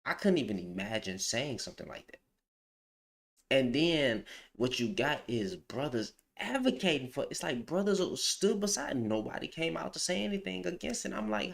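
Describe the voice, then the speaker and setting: A man's voice: mid-range voice, sing-song, moderate pace, gravelly. A man giving a heated, opinionated rant on a livestream, with slangy speech, who repeats phrases for emphasis. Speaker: livestream commentator.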